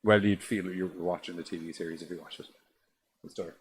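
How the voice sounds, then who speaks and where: A man's voice: low voice, fairly even intonation, fast, a little hiss or hum. A man co-hosting a horror podcast in casual chat, rambling with restarts and swearing. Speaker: podcast co-host.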